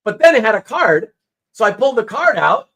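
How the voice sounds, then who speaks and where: Lively high-voiced man hosting a live stream. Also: brisk. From Canada. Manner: animated storytelling, acts out quotes. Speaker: host. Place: home.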